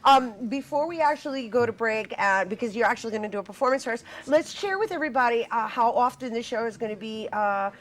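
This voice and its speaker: A woman hosting a television talk show with an animated, playful manner, laughing easily. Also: a little high, fast, few pauses. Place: television studio.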